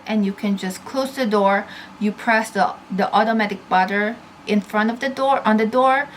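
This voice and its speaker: A woman's voice: medium pitch, a bit bright, a little hiss or hum, rough recording. A young woman vlogger giving a casual, chatty product review, with plenty of fillers and restarts.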